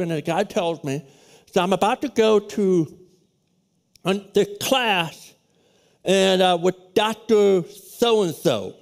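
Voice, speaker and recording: A man preaching a sermon who tells a story in an animated way, with many restarts, in a loud voice. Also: sits high, takes it slowly, creaky. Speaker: pastor.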